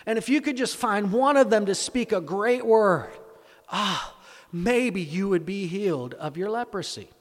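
A preacher voicing the pleading wife of an army commander in a raised, breathless voice, recorded in an echoey hall. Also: male voice, lively intonation, a little slow. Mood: coaxing. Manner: breathless and high, coaxing.

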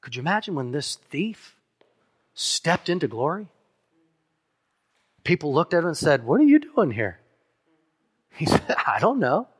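A man preaching a sermon as pastor, earnest, dropping softly on key lines and speeding through asides. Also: on the high side, very animated, measured pace, long pauses, slightly rough. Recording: long hall reverb.

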